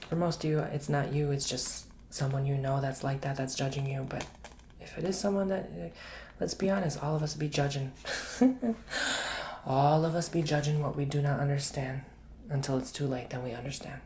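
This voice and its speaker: Gravelly soft-spoken man giving an ASMR reading. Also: mid-range voice, steady tone, brisk. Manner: chatty, rambling, casual slang. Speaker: ASMR tarot and coffee cup reader.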